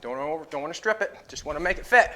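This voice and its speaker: A man's voice: a little high, expressive, fast, music in the background. A Canadian man hosting a car-building show, chatting and explaining each step of his metalwork as he goes. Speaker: metal fabricator and show host. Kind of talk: hands-on build commentary. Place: car workshop.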